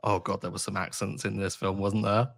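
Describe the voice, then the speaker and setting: A man's voice: lowish voice, flat delivery, brisk, gravelly. Wry man co-host. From England. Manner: wry, self-mocking. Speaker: podcast co-host. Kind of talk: casual chat.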